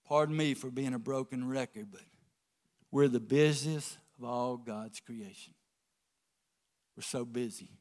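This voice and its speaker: A man preaching a folksy sermon, swinging from quiet asides to emphatic calls to the congregation. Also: mid-range voice, a little slow, pauses often. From American South. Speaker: pastor.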